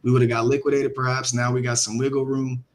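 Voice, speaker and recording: A man hosting a live trading stream over online voice chat. He talks in a casual, slangy way and thinks out loud. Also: medium pitch, flat delivery, fast. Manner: laid-back and slangy, thinks aloud. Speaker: livestream host and trader.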